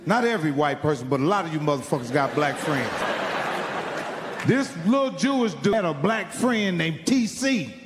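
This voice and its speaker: A man from Indiana works a live stand-up crowd with a high, cutting voice, telling his story full of profanity. He acts out the people he talks about as he goes. His voice carries the long reverb of a large hall, with a faint room hum underneath. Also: lively intonation, moderate pace. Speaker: stand-up comedian.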